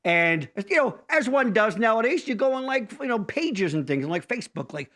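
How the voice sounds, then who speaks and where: A man's voice: high voice, big pitch swings, fairly quick, fairly bright tone. A middle-aged man from Pennsylvania hosting a casual podcast chat, joking, swearing and rambling. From Pennsylvania, USA. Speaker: podcast host.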